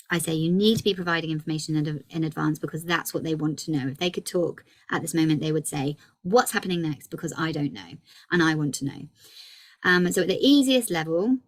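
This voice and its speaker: A woman in her thirties giving a lively, encouraging workshop talk to parents on early communication. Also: sits low. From England. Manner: lively and encouraging, acts out child dialogue.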